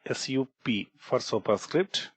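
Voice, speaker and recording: Speaking a little slowly with lively intonation, a man with a husky, medium-pitched voice and an Indian English accent leads a screen-recorded coding tutorial, with no echo. He explains by repeating key points, restarts words, and often checks in with "okay" and "right?"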